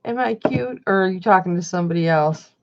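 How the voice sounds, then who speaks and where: Reading viewer comments aloud on a casual livestream, this middle-aged female host talks a little fast in a lowish voice. The sound quality is dull and lo-fi.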